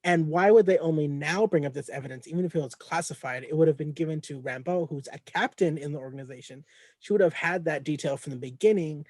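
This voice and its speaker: A man's voice: on the high side, quick pace, a little mellow, no echo. A man co-hosting a casual podcast, explaining his take at length and arguing his point. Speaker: podcast co-host.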